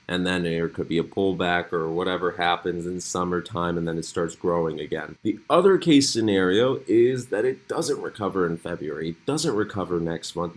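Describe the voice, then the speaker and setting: A man hosting a cryptocurrency channel, talking casually through price charts with animated, swinging emphasis. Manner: animated, lively pitch swings. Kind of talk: casual commentary over charts.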